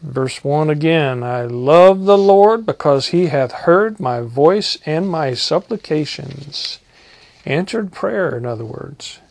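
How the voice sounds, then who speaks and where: A man preaching, reading psalms aloud in a slow, measured way and adding short comments. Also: a little high, animated, vocal fry, a little mellow, dry recording. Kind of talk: Bible reading and sermon.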